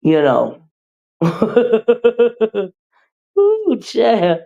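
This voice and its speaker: A woman hosting a livestream, reading viewer comments and chatting with them in an animated, teasing way. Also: on the high side, drawn-out words, vocal fry, highs cut off. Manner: animated, teasing, with repeated "uh-uh" and laughter. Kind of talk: casual chat with viewers.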